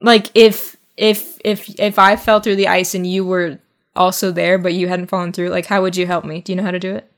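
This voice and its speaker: A woman's voice: on the low side, level tone, a little fast. A young adult woman co-hosting a podcast, chatting casually and animatedly, laughing often. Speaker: podcast co-host. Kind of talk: casual chat.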